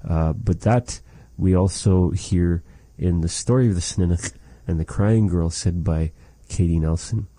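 A man's voice: sits low, warm tone, no echo. A man teaching a language lesson, patiently repeating words for practice. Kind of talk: language lesson with repetition drills.

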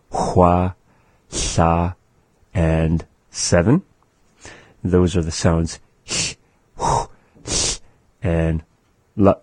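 A man teaching a language lesson, saying each word twice, once at speed and once slowly, patiently and methodically. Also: low voice, mellow, no room sound. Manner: slow, patient, repeats words twice.

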